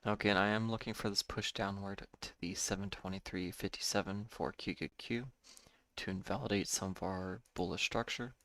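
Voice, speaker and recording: A man giving live day-trading commentary, measured and thinking aloud, correcting himself now and then, a bit tired. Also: sits low, fairly even intonation, a bit bright, dry recording.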